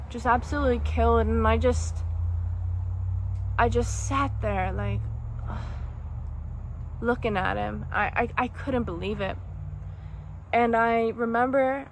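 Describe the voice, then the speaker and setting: A young woman telling a personal story as a vlogger, halting and emotional with many restarts. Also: on the high side, a little hiss or hum. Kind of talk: storytime monologue.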